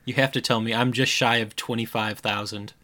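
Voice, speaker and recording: A man's voice: medium pitch, fairly even intonation, a little fast, sharp tone. A man with a Midwestern American accent co-hosting a casual gaming podcast, teasing his co-host and firing off pointed questions.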